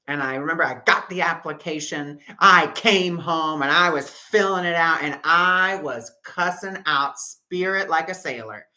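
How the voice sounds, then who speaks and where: Man hosting a spiritual workshop, bright and forward-toned, telling his story with lively, emphatic flair. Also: on the high side, unhurried, few pauses, low-quality recording. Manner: animated storytelling, acting out his own past outbursts. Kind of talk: workshop teaching through personal story.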